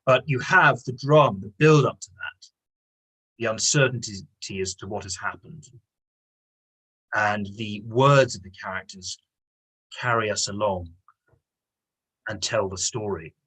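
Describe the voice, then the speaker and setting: Male teacher, husky tone, patient explainer giving an online lesson. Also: lowish voice, a little slow, pauses often, sharp tone, rough recording. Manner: patient, explanatory, repeats key words. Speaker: English teacher. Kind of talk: online lesson with reading aloud.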